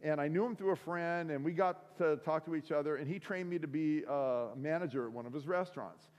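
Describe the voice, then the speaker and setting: A middle-aged man from the Seattle area gives a sermon as a relaxed, self-mocking storyteller who uses many fillers. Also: fairly high pitch, a little fast. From Seattle area, USA. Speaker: week of prayer speaker. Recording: long hall reverb.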